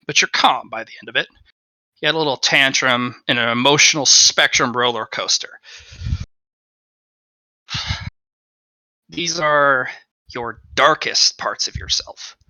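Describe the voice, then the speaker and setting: A man's voice: medium pitch, unhurried, long pauses, bright, forceful tone, no echo, low-quality recording. A man narrating as game master of a tabletop game, laughing, swearing and throwing in dramatic asides.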